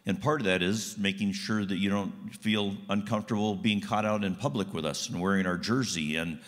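A man's voice: fairly low pitch, a little fast, fairly bright tone, big-room sound. A man giving a guest sermon in a church, folksy and conversational. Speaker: guest speaker. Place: church sanctuary.

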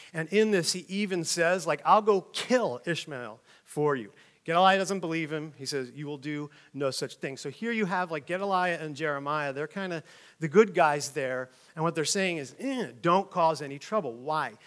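A middle-aged man teaching the Bible in a casual, conversational way, reading passages aloud and explaining them with loud emphatic peaks. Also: fairly high pitch.

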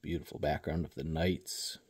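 A man selling books, casually showing off his newest purchases on video in a relaxed, unhurried way with frequent ums. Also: extremely low pitch, a little hiss or hum.

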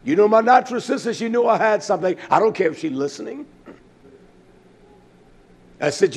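A man preaching a sermon who repeats his points, fills pauses with "uh", and swings from loud, emphatic calls down to low, quiet asides. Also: expressive, breathy edge. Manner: repetitive, with frequent "uh" fillers.

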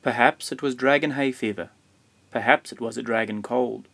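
A man of ordinary, mid-range pitch reads a children's picture book aloud. His storytelling is gentle and measured, moving steadily through the narration. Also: gravelly. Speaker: storybook reader.

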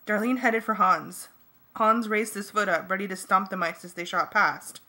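A woman reading a first-person novel aloud as an amateur audiobook, in a plain, steady manner. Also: medium pitch, normal speed. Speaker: audiobook reader.

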